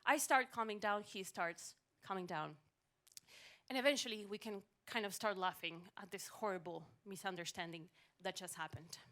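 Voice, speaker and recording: A woman telling a funny personal story on stage at a live storytelling event, animated with wry timing, into a stage mic. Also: medium pitch, moderate pace.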